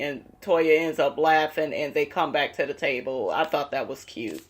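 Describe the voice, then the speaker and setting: A woman's voice: low-pitched, unhurried, few pauses. Sassy woman spilling tea on a reality show, slangy, cusses a lot. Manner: sassy, profane, slangy with "honey" and "child". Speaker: vlogger recapping a reality show. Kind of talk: casual gossipy recap.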